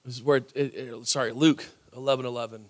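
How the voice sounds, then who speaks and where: A man preaching a sermon as pastor, animated, acting out the voices he quotes. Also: medium pitch, a little fast.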